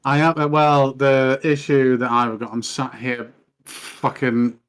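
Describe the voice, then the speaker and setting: Male chat caller, even, flat delivery, clean clear voice, blunt. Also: mid-range voice, slow pace. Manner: blunt, rambling. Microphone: online voice call.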